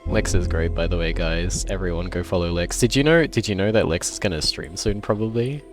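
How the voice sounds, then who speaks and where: A man streaming a game live, chatting playfully and greeting his viewers with excitement. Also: low voice, fairly quick, music in the background. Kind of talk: casual livestream chat while gaming.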